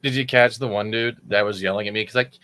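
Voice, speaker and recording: A man's voice: on the low side, fairly even intonation, fast talker, pushed and bright. A man joking and teasing as a guest in a casual livestream chat.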